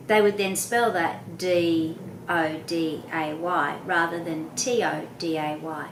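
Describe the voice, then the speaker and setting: A woman patiently explaining children's speech sounds to parents, sounding out each sound slowly and clearly. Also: lowish voice, roomy sound, a little hiss or hum, poor audio. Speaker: literacy educator. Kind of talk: instructional talk to parents.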